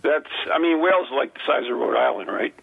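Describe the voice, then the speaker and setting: Gravelly New England radio host. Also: male voice, mid-range voice, a little fast. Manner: rambling, with many fillers. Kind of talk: casual radio chat. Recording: dull lo-fi radio broadcast.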